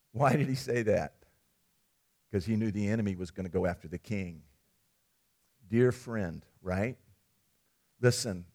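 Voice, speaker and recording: A man preaching a sermon, retelling a scripture story in a conversational, animated way. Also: on the low side.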